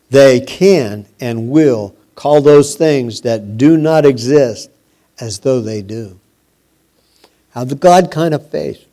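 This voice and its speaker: Slow, mellow-voiced male preacher. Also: mid-range voice. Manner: slow, emphatic preaching with repeated phrases and dropping voice. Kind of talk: sermon.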